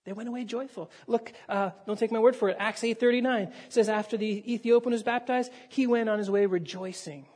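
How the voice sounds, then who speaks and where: A man's voice: sits high, steady tone, fairly quick, hardly any pauses, darkish tone. A male pastor delivering a sermon, telling a story with acted dialogue and raising his voice for emphasis.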